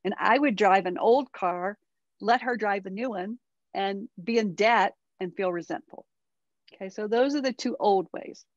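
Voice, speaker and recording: Middle-aged woman, expressive interview guest; dry, muffled lo-fi mic. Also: medium pitch, normal speed, dry recording. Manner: animated, acts out quoted dialogue, many tag questions. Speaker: parenting expert guest. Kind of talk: interview conversation.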